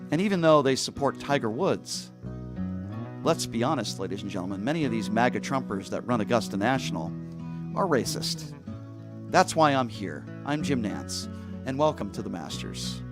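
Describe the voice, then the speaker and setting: A man putting on an impression of a stiff golf broadcaster, speaking slowly and softly in a mock reverent tone, with faint music behind. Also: medium pitch, sing-song. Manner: slow, soft, reverent announcer delivery.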